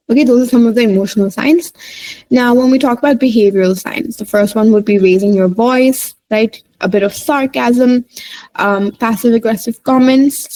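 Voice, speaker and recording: A woman's voice: a little high, warm tone, rough recording. A woman psychologist explaining points in a loose, informal way, with many fillers and frequent "right?" tags.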